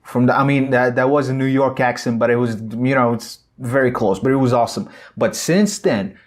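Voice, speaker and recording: Man, casual excitable film reviewer, swears a lot, mixes Arabic and English. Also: medium pitch, fairly quick. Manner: excitable, profane, switching between Arabic and English.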